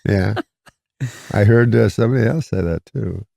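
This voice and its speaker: Gravelly deadpan man telling a story. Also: lowish voice, dry recording, clean studio sound. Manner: deadpan, rambling, halting restarts. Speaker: comedian guest. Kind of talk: casual storytelling on a podcast.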